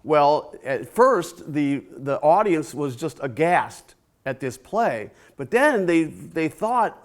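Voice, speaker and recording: A man's voice: fairly high pitch, big pitch swings, slow pace. A man presenting a casual, rambling talk to a library audience, chatty with restarts and small laughs.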